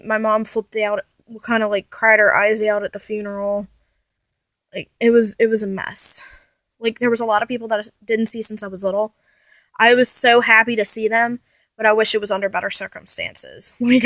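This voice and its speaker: In a casual personal vlog, a young woman rambles about her life, often restarting and correcting herself as she chats. She speaks at medium pitch with a fairly bright tone, and there is no room sound.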